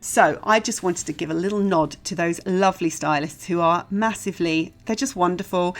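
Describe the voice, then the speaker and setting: A woman hosting a podcast interview, chatty and friendly, laughing easily. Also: lowish voice. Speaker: podcast host.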